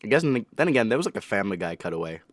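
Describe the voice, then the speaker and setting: A man's voice: lowish voice, sing-song, racing, no room sound, clean studio sound. Rambling man reacting to anime. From United States. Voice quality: rambling, joking, full of fillers and self-corrections. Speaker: reaction video host. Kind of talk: casual rambling reaction commentary.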